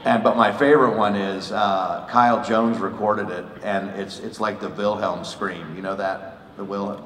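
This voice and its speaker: Low guy with a bright sound telling a funny story, echoey hall. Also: noisy background. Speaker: voice actor on a convention panel. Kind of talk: laughing anecdote. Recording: echoey convention hall, mic from far off.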